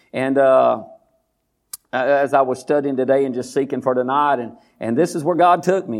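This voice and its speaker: A man preaching a sermon as pastor, folksy, calling out to his congregation and reading scripture slowly and deliberately. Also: medium pitch, a little mellow. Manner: folksy, call-and-response with congregation.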